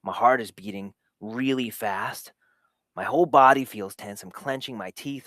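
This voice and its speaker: A man's voice: mid-range voice, moderate pace, bright, forceful tone, no echo, studio quality. A man hosting a live show, telling a personal story candidly and in vivid detail, with frequent laughter. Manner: candid, self-deprecating, laughs often; recounts sensations in vivid detail. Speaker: host of a live show for dads. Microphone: camera setup in a home recording space.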